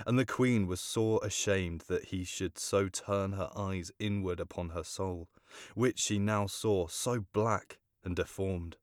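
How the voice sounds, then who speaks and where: Low-pitched male narrator, measured formal storybook reading, dry close mic. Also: no echo.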